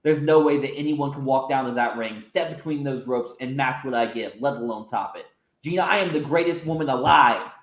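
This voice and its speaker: A man's voice: medium pitch, a little fast, close to an everyday voice. A man voicing an arrogant, boastful female wrestling champion who taunts her rivals. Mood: gloating. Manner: haughty, taunting. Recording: roomy echo.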